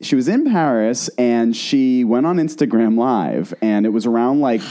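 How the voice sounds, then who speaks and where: A man co-hosting a comedy podcast, telling a gossip story in an animated way and laughing often. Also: medium pitch, moderate pace. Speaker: podcast co-host.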